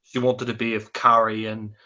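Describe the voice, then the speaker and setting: A man's voice: lowish voice, flat delivery, normal speed, pushed and bright, highs cut off. A man co-hosting a casual film review chat, rambling with lots of fillers and restarts.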